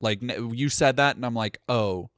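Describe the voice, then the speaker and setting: A man's voice: medium pitch, moderate pace, fairly bright tone, smooth, dry recording, studio quality. A man live-streaming casual reaction commentary, sarcastic and exasperated and swearing freely.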